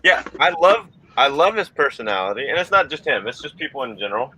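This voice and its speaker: A man's voice: medium pitch, big pitch swings, fast, bright, forceful tone, slightly rough, poor audio. A man chatting casually on a reseller livestream, explaining himself earnestly and often repeating his words. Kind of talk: casual chat.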